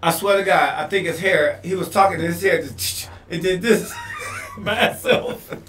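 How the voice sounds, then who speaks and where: A man co-hosting a podcast in casual comedic chat, loud and laughing often. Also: high-pitched, slow, long pauses, recorded from a distance. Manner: loud, animated, laughing a lot. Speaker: podcast co-host. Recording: echoey room, off-mic, faint noise.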